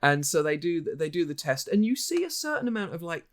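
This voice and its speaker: A man's voice: on the high side, big pitch swings, fast talker. A man co-hosting a podcast, chatting casually about a horror film, rambling with many fillers and restarts. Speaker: podcast co-host.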